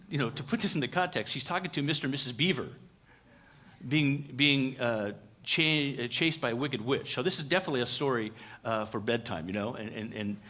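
A pastor delivering a conversational sermon in church, animated and full of "uh" fillers. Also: male voice, medium pitch.

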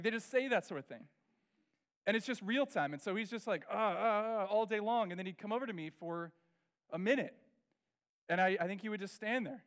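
Animated high-voiced man preaching. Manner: animated, acts out quoted voices. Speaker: pastor. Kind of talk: storytelling sermon.

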